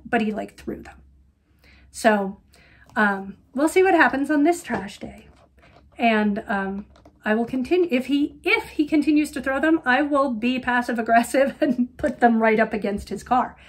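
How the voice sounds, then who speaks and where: A middle-aged woman hosting a knitting podcast, chatting casually and rambling with lots of ums and wry asides. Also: a little high. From Colorado, USA. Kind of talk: casual chat.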